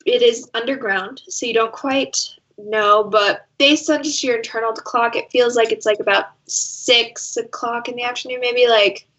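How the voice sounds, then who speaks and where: A woman narrating a tabletop game as game master, slow and hesitant with many pauses, short on sleep. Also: fairly high pitch, fairly bright tone. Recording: dull lo-fi sound.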